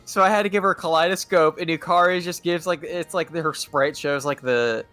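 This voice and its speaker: A man's voice: on the high side, a little fast, bright, forceful tone, soft background music. A young man chatting casually on a stream, telling stories animatedly, laughing a lot and saying "like" often. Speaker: guest on stream. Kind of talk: casual chat.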